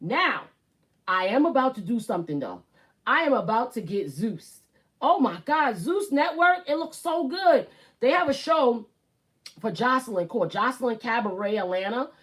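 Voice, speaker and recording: A woman's voice: on the high side, expressive, normal speed. Blunt Brooklyn woman ranting live. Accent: Brooklyn New York. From Brooklyn, New York. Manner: blunt, profane, emphatic, repeats herself for emphasis. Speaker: YouTube live host. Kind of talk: casual live-stream rant.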